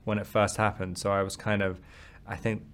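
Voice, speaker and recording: A man with a British accent answering interview questions, thinking aloud with pauses and ums. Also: fairly low pitch, level tone, a bit bright. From Britain. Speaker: interview guest, actor.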